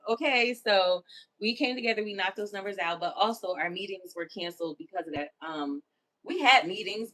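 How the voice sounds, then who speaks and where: A woman's voice: fairly low pitch, fairly bright tone. A woman hosting a livestream in casual chat, candid and self-affirming, who keeps asking "you know what I'm saying?". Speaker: livestream host.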